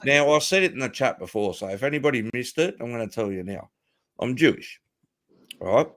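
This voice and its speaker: A man tells a rowdy story over a call, swearing freely and chuckling at his own punchlines. His voice sits at an ordinary middle pitch. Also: lively intonation, fairly quick, fairly bright tone. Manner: crude, swears a lot, laughs while telling. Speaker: podcast host telling a story. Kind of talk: casual storytelling chat.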